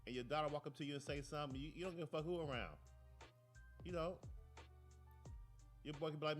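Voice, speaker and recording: A man hosts a talk show from a studio, ranting and spinning casual, profane stories that wander off on tangents. His voice is fairly high and quick, with frequent pauses and faint music in the background. The delivery is animated commentary.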